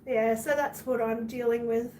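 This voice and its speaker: A woman's voice: fairly high pitch, steady tone, normal speed, darkish tone, slight background noise. An Australian woman chatting casually on her livestream, venting bluntly to her viewers and swearing freely.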